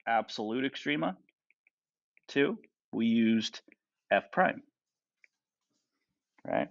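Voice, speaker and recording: A man's voice: mid-range voice, very animated, takes it slowly, vocal fry, muffled recording. A man teaching a math class, who keeps asking his students questions and tags his points with "right?" and "okay?". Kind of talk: classroom lecture.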